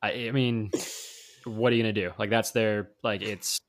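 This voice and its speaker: A man co-hosting a casual podcast on a video call, talking in a halting, playful way with lots of fillers. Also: on the low side, fairly even intonation. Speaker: podcast co-host.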